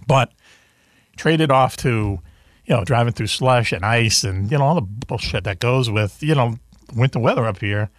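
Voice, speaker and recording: A man's voice: mid-range voice, measured pace, pauses often, no room sound, clean studio sound. A man with a Boston accent hosting a casual video-call chat show, rambling and self-deprecating with lots of fillers. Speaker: host.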